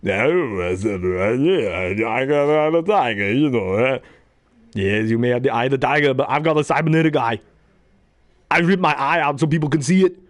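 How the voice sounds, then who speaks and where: A man's voice: mid-range voice, normal speed, no room sound, lightly acted. A man putting on a boastful action-star muscleman, clipped and heavy.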